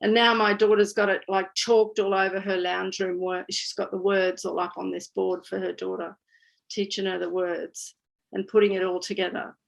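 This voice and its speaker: Gravelly-voiced woman in her sixties. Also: mid-range voice, little pitch movement, normal speed, low-quality recording. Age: 60s. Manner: candid, chatty, laughs easily. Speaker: guest speaker. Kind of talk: storytelling at a community talk.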